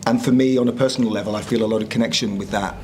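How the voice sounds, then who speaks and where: A man in his fifties with a northern English accent, an actor talking reflectively in an interview, pausing often with fillers. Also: on the low side, fairly even intonation, noisy background. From northern England. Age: 50s. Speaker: actor guest. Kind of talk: casual interview chat.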